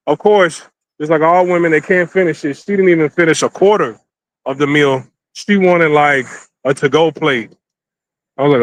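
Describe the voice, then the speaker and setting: Man, casual storytelling, high pitch, rambling, dry recording. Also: fairly bright tone, dry recording. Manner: rambling, repetitive, crude. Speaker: vlogger.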